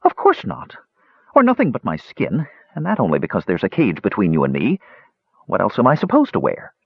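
Fretful caged squirrel read by a man, husky and jumpy, dry lo-fi storybook sound. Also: mid-range voice, wildly swooping pitch, normal speed, no echo, voice pushed up, full character voice. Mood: bewildered. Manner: anxious and fretful. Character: nervous confused male squirrel, caged. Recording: slightly dull lo-fi recording.

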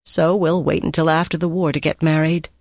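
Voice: level tone, brisk, vocal fry, no echo, clean studio sound. Narrator voicing a laconic male agent. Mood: calm. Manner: low, quiet and laconic. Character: calm patient male wartime agent.

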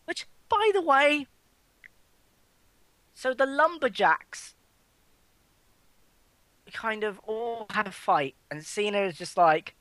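A woman's voice: fairly high pitch, lively intonation, slow pace, long pauses, fairly bright tone, dry recording. A woman co-hosting a casual wrestling chat, sarcastic and giggly, swearing freely. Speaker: wrestling podcast co-host.

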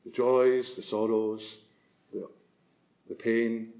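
A man's voice: lowish voice, little pitch movement, slow pace, warm tone. A man preaching a sermon as a priest, earnest and swelling to emphasis on key phrases.

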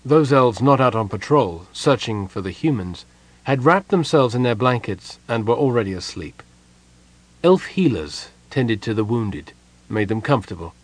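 A man narrating a fantasy audiobook in a steady, even storytelling voice. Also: mid-range voice, normal speed, no echo. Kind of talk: scripted narration.

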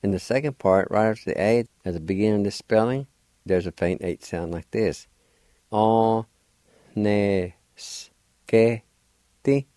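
A man's voice: deep voice, fairly quick, dark tone, no echo. An older man from Oklahoma, patiently spelling and pronouncing words letter by letter as a radio language teacher. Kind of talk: slow spelling and pronunciation lesson.

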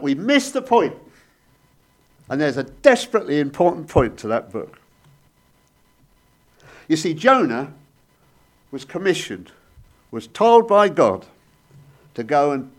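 Lively, storytelling male preacher. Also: a little high, unhurried, pauses often. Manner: storytelling, animated rises and sudden soft drops. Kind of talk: sermon.

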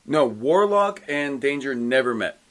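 A man talking casually as a podcast co-host at a middle pitch. He rambles and hesitates, and he slips into characters' lines when he retells scenes. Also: expressive, measured pace. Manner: rambling, hesitant, acts out quotes. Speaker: podcast co-host discussing comics. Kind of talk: casual chat.

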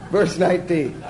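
A man's voice: high-pitched, noisy background. A man teaching a Bible class in sermon style, emphatic, asking the class questions and answering them himself.

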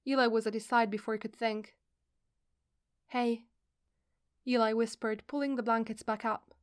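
A woman reading a fan fiction story aloud in a steady storytelling manner. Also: fairly high pitch, brisk, clean tone. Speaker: reader.

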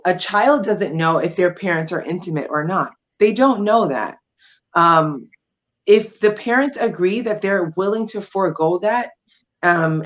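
A woman's voice: on the low side, lo-fi sound. A woman guest in an interview, explaining her views in an emphatic, conversational way with many "um"s and "you know"s. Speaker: guest sharing her divorce experience.

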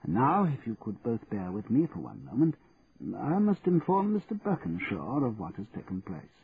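Audiobook: man doing a dry, formal old solicitor, lively pitch, thin phone-like sound. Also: normal speed. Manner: precise, courteous, dry. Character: formal elderly male solicitor. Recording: tinny narrow band, faint hiss.

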